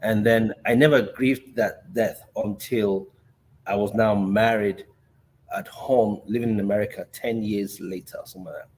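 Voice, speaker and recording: A man hosting a podcast, telling a personal story in a hesitant, halting way. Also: lowish voice, steady tone, darkish tone, slightly rough. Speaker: podcast host. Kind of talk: conversational podcast talk.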